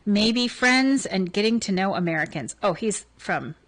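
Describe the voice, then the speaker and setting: A woman's voice: mid-range voice, animated, unhurried. A woman hosting a casual studio radio chat, reading dating profiles aloud with playful, wry asides. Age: over 33. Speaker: radio show host.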